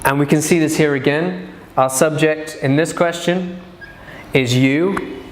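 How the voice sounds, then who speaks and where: A man teaching an English grammar lesson, speaking slowly and deliberately and repeating his example sentences. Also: fairly high pitch, echoey room.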